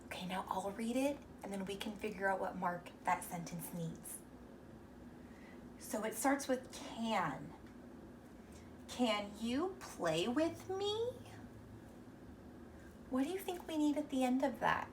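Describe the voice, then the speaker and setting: A young woman teacher giving a reading lesson to young children, speaking slowly and encouragingly and sounding out words sound by sound. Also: mid-range voice, expressive, distant mic, background noise.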